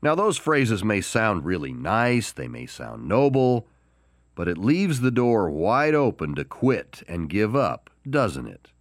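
A man hosting a Christian podcast, delivering an encouraging devotional talk with deliberate pauses and emphatic stress on key words. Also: on the low side, huge pitch swings, no echo, studio quality. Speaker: podcast host.

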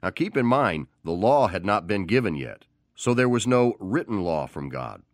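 A man's voice: on the low side, sing-song, moderate pace, no echo, clean studio sound. A man preaching a sermon, who tells the story with animation and acts out the voices of the people in it.

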